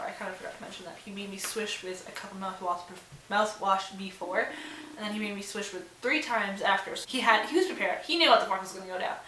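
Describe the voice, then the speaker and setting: A woman's voice: medium pitch, pushed and bright. A young woman telling a story to camera in casual, rambling vlog style, full of fillers and swearing. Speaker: vlogger. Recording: roomy sound with faint hiss.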